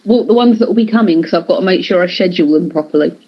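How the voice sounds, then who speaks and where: A man co-hosting a radio show, teasing his co-host in casual chat. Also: high-pitched. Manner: teasing, quick to react. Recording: dull, lo-fi sound.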